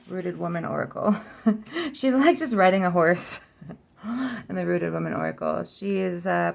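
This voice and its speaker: A woman with a low, heavily gravelly voice hosts a casual flip-through vlog. She talks at an unhurried, slow pace and sounds out each name aloud, correcting herself as she goes, with musing, giggly asides. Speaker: oracle deck reviewer.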